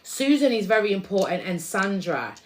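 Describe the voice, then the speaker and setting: A woman's voice: mid-range voice, sing-song, moderate pace, background noise. A woman giving a casual, rambling live tarot reading to her viewers, repeating herself and restarting her words as she goes. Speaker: tarot reader.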